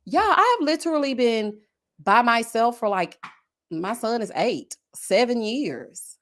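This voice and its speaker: A woman who hosts a live-stream reality-TV review, talking in a sassy, animated, gossipy way. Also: fairly high pitch, moderate pace. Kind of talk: casual live-stream commentary.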